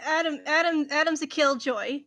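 A woman with a high voice talking freely with friends, enthusiastic and blunt. She swears casually and defends her opinions with gusto. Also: normal speed, over a noisy crowd. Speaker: podcast co-host. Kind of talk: casual chat.

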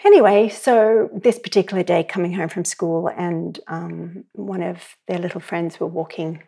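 A middle-aged woman with a lowish, husky voice, speaking as a parenting educator in a relaxed podcast interview. She tells her stories with energy and acts out the people she quotes. Her rasp stays light and never turns harsh. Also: moderate pace. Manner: lively storyteller who acts out quoted voices.

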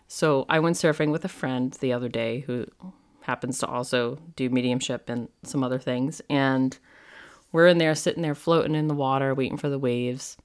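A woman hosting her own podcast in a casual, rambling monologue, often saying "like". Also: extremely low pitch. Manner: chatty and rambling, heavy use of "like". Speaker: podcast host and medium.

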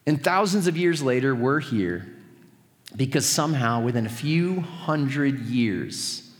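A man's voice: medium pitch, lively intonation, slow, big-room sound. A man preaching a sermon as pastor, conversational and earnest with touches of humor.

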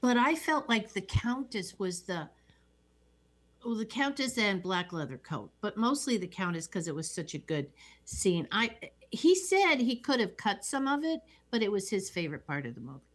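A woman co-hosting a casual chat about a film, measured and thoughtful in how she talks. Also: mid-range voice, big pitch swings. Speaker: podcast co-host.

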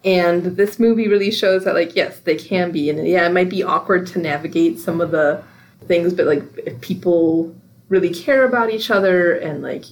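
A woman's voice: lowish voice, moderate pace, poor audio. A woman co-hosting a podcast, chatting casually about a film she liked, with frequent fillers. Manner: conversational, lots of fillers like "like" and "you know". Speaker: podcast co-host. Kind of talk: casual film recommendation chat.

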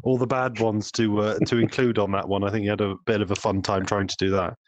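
A man in casual podcast chat as a guest developer, explaining at a measured pace with frequent restarts. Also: on the low side, flat delivery, a little hiss or hum.

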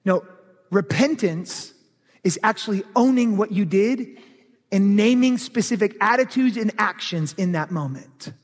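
High-voiced man preaching in a reverberant hall. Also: measured pace. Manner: lively, animated preaching, grows heated and loud in places. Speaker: pastor. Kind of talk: sermon with personal storytelling.

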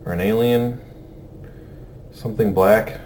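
A man talks in a loose, rambling way, full of fillers and restarts, as he chats about films. His voice sits low. Clear background hiss runs under the whole recording. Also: fairly even intonation, measured pace, a little mellow. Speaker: podcast co-host. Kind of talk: casual chat about films.

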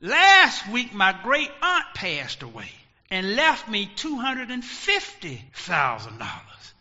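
A man voicing a glum friend recounting his windfalls in a flat, matter-of-fact way, in a dull recording with long hall echo. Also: high voice, slow pace, heavily acted. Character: glum man telling of inheritances.

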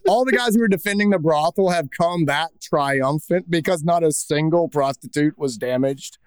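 A man narrating as dungeon master of a comedy tabletop game, jumping high to shout the crowd's lines. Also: normal speed, clear, resonant tone, no room sound.

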